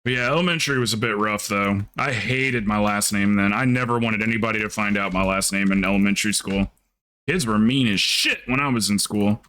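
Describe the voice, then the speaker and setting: A man's voice: fairly low pitch, brisk, sharp tone, clear, resonant tone. A man from South Carolina, streaming a game and telling rambling, joking stories in casual chat. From South Carolina, USA. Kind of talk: casual chat while gaming.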